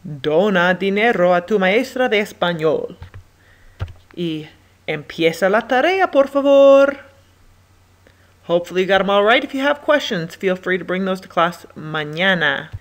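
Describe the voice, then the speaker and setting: A young woman teaching a recorded classroom lesson in a cheerful, talkative manner. Her voice sits slightly low for a woman. She walks through grammar rules with quick asides and short practice drills. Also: animated. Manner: upbeat, chatty, sings a verb song. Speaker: Spanish teacher.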